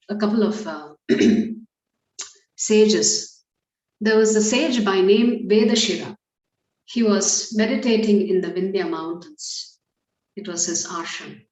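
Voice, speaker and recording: A woman giving a storytelling sermon as a temple speaker, calm and measured, with light fillers. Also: mid-range voice, dull audio. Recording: echoey temple hall.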